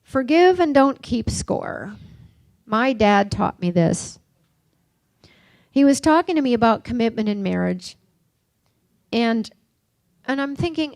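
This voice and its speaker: An older woman giving a reflective recovery workshop talk, mixing gentle questions with personal stories. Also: fairly high pitch, expressive, slow, pauses often, no room sound. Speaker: workshop speaker.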